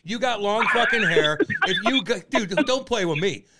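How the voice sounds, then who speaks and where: A male co-host ribs his guest with crude, profane jokes, his voice swinging widely up and down. He sits a bit high, with loud background chatter behind him. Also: lively intonation, moderate pace. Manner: teasing, profane, laughs a lot. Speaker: podcast co-host. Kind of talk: casual crude banter.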